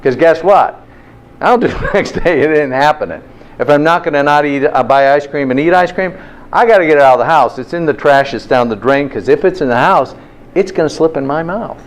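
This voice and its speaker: The audio is poor, but you can hear a man with a high-leaning voice talking a little fast as he hosts a motivational health talk. He tells lively stories and keeps asking his listeners rhetorical questions.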